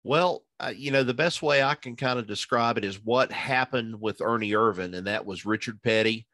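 A man's voice: medium pitch, normal speed, sharp tone, no echo. A man giving casual, rambling racing analysis, full of fillers and restarts as he thinks aloud. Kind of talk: casual podcast chat.

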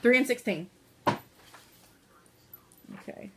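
Stuffy-voiced woman, slightly high pitch, running a live sale and chatting to viewers by name, with light noise behind. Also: slow pace. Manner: chatty, talks to viewers by name while multitasking. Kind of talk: casual live stream sales chat.

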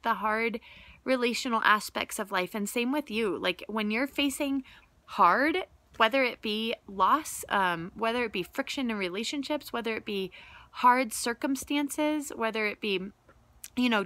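A woman's voice: a little high, pushed and bright, no room sound. A young woman giving a casual, earnest devotional talk, conversational and full of "like" fillers. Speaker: Bible teacher and vlogger.

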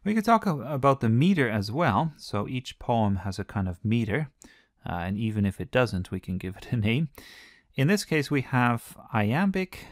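A man teaching a close reading of a poem in a relaxed, conversational way, often pausing with "uh". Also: fairly low pitch, vocal fry, no echo. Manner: relaxed, conversational, frequent "uh" fillers. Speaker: literature teacher. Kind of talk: explanatory lesson.

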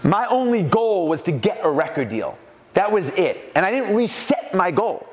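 An animated man from New York delivers a storytelling keynote to a business crowd. His voice sits a little high, and he jumps into the voices of the people in his stories. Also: normal speed, big-room sound. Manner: animated, acts out quoted voices. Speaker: speaker at a business mastermind.

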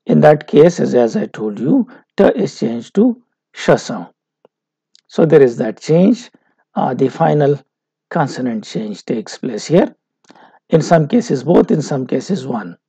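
A male university lecturer with a Pakistani English accent, explaining linguistics slowly with many pauses and fillers. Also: medium pitch, sing-song, gravelly, dark tone, breathy edge, dry recording. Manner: slow, halting, many fillers.

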